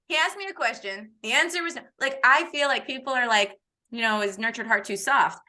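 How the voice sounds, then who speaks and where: A woman in her thirties hosting a casual conversation, an animated storyteller who laughs and acts out dialogue. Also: mid-range voice, quick pace. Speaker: host.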